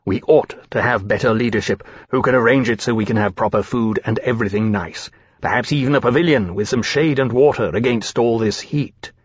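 A man voicing a large male dragon who speaks frankly and earnestly, quick to take offence. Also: mid-range voice, slightly rough, no echo, close to an everyday voice. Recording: slightly dull, dry recording.

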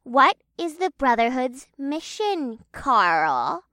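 A feisty young woman presses her argument with sharp confidence, voiced by a woman. Her voice sits high and bounces widely in pitch. The recording is close and dry. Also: very animated, slow pace, no echo, heavily acted. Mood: impassioned. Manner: assertive, sharp.

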